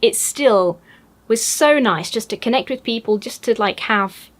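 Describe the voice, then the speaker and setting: A woman's voice: a little high, a little slow. Gushing English woman vlogger. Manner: gushing and excitable, with many fillers. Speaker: YouTuber. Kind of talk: casual chat.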